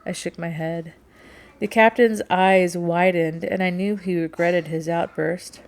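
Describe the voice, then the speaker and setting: A woman narrating a first-person novel as an audiobook, in a measured, quiet storytelling manner. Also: fairly low pitch, fairly even intonation.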